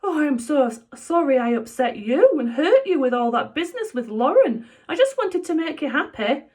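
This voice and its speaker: A woman voicing an emotional, soft-hearted middle-aged father who talks in a gushing, overwrought way in a storybook. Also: sits high, sing-song, moderate pace, pitched above the performer's own voice.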